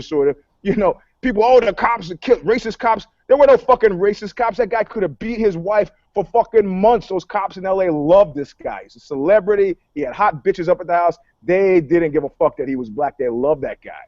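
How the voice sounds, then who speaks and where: A brash, higher-pitched man co-hosts a casual talk show, swearing freely and acting out both sides of every exchange. The sound is dry and close, with a slightly dull, muffled top end. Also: no room sound. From New York. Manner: profane, animated storytelling, acts out dialogue. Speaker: podcast co-host, PR commentator.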